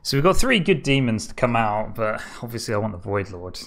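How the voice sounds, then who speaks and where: Gravelly-voiced man thinking aloud. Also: on the low side, sing-song, brisk, a bit bright, slight background noise. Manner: thinking aloud, frequent chuckles. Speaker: card game streamer. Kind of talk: casual gameplay commentary.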